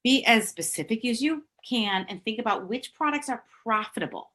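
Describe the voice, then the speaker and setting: A middle-aged woman giving a brisk, emphatic business coaching talk on a live stream, reading out viewer comments as she goes. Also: on the high side, lively intonation, a bit bright.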